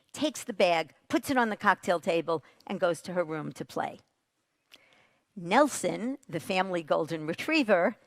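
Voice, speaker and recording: A woman gives a motivational talk on parenting, her pitch leaping up and down as she asks the audience questions. She speaks slowly, with a gravelly edge in her voice. The sound is dry and close. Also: no echo. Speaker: parenting expert.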